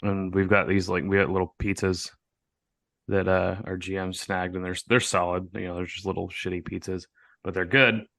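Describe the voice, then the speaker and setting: A young man on a podcast, co-hosting and swearing freely as he tells animated stories in casual chat. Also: sits low, normal speed, vocal fry, no echo. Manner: profane, animated storyteller. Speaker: podcast co-host.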